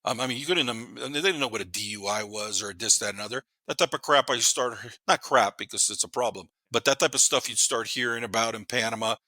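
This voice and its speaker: Fast-talking, bright-voiced man in his fifties. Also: mid-range voice, dry recording. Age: 50s. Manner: rambling and animated, swears freely, laughs while telling stories. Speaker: podcast guest. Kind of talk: casual storytelling.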